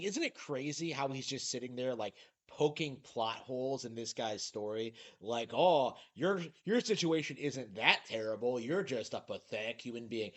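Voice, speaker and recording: A man's voice: mid-range voice, fairly bright tone. A man narrating a commentary video, sarcastic and incredulous. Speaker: YouTube commentator.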